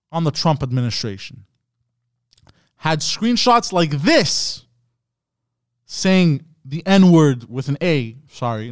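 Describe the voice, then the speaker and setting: A slightly high male voice comes across dry and clean, with studio sound. He's streaming live and chatting with his viewers, rambling, swearing and ranting casually.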